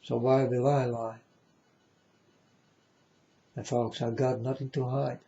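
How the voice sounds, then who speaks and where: A man's voice: mid-range voice, level tone, takes it slowly, creaky, mellow. A man giving a repetitive, insistent preaching monologue to viewers, calling them folks. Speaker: self-styled religious speaker. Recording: dull lo-fi recording.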